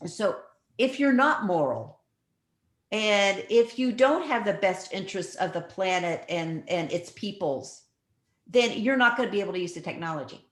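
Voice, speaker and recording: A woman's voice: mid-range voice, animated, normal speed. A woman talking earnestly on a video call, telling stories with many restarts. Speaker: guest speaker. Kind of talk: casual talk on a video call. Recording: roomy video call audio.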